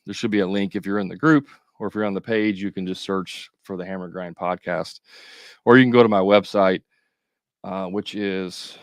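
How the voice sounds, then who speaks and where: A man's voice: deep voice, fairly even intonation, normal speed, no echo, studio quality. A man coaching contractors in a casual livestream, talking straight to viewers with joking asides.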